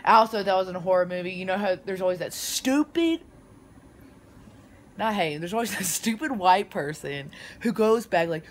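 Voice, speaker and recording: A woman talks to her phone from her bed in a loose, chatty vlog voice. Her pitch swings widely as she breaks into playful shouts and loud exclamations. A faint hum of room noise sits behind her. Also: expressive, normal speed. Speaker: vlogger. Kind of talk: casual chat to camera. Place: lying in bed at home.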